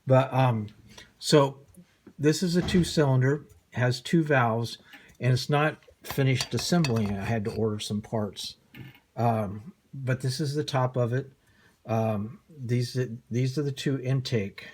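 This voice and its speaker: A man's voice: medium pitch, takes it slowly, darkish tone, slight background noise. An older man casually demonstrating an old motorcycle engine part he is rebuilding, in a folksy, self-deprecating way with plenty of ums and uhs. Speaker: hobby motorcycle mechanic.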